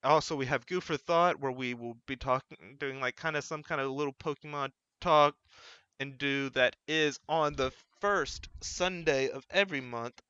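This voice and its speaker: A man hosts his own channel, talking in a loose, rambling way and often correcting himself. His voice is bright and smooth. The recording is dry and a little dull, made on a desk mic at home. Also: mid-range voice, normal speed, no echo. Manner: rambling, self-correcting, relaxed. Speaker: channel host. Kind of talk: casual solo vlog chat. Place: home room with a fan running.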